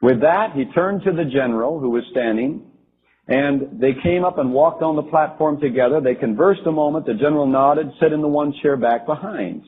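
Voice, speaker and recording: A man telling a first-person account of a vision, halting and restarting as he goes. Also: a little high, a little hiss or hum. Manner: halting, with frequent restarts and fillers. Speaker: storyteller recounting a religious vision. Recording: tinny phone-like lo-fi recording.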